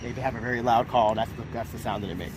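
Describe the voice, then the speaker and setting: An easygoing man from Puerto Rico who chats casually and explains things plainly. His voice sits at an ordinary pitch. Clear street noise runs under his words. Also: fast. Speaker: guest friend. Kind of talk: casual chat.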